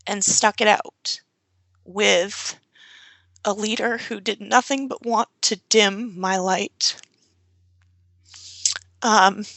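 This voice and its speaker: A woman's voice: mid-range voice, vocal fry, bright, forceful tone, dry recording. A woman guest telling a personal story in an interview, earnest and emotional, with frequent fillers. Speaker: guest, social media strategist.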